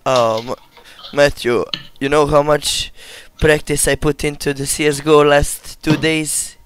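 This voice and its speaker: Young man, casual gaming stream, profane teasing banter, slow pace, crisp voice. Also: a little high, flat delivery. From Serbia. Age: 20s.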